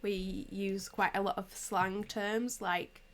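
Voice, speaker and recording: A woman's voice: mid-range voice, level tone, takes it slowly. A woman from England with a strong regional English accent, chatting casually through a knitting tutorial and laughing easily. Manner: chatty, laughs easily, answers chat as she knits.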